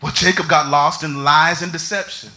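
High bright preacher guy, shouts then drops way down soft. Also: steady tone, normal speed. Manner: preaching with shouts and sudden drops to near whispers. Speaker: pastor. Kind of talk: sermon.

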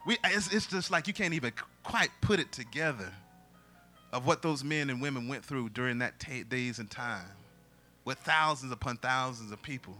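Bright-voiced preaching man. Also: medium pitch, normal speed, soft background music. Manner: preaching with bursts of loud singing. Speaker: pastor. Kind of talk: sermon.

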